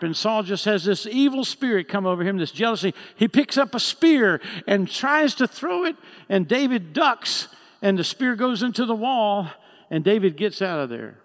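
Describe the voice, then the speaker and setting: A male pastor preaching a sermon, telling a story with lively acted-out dialogue. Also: high-pitched, in a large hall. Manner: animated storytelling, acts out the characters' lines.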